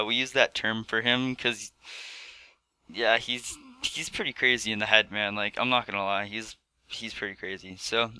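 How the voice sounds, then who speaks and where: With a lowish, bright, forceful voice, a teenage boy rambles through a casual storytime vlog, leaning heavily on fillers and saying "like" constantly. The recording is smooth with no echo.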